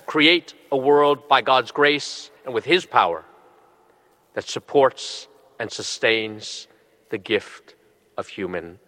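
A middle-aged man, a bishop, preaching a sermon with earnest, slow and emphatic phrasing. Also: medium pitch, bright, forceful tone. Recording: long reverb of a large hall.

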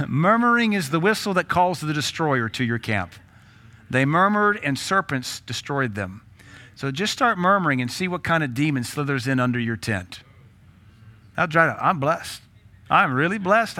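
A man preaches a sermon, blunt and quick to joke, firing rhetorical questions and laughing between points. His voice is bright and forceful, sitting a little high for a man. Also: sing-song. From Tennessee. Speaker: pastor.

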